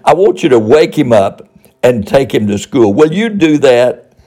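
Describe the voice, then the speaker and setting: A man's voice: medium pitch, big pitch swings, a little slow, warm tone, pitched above the performer's own voice. A man quoting a worn-out working mother asking for help, in a slightly raised voice. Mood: pleading. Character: harried working mother, pleading.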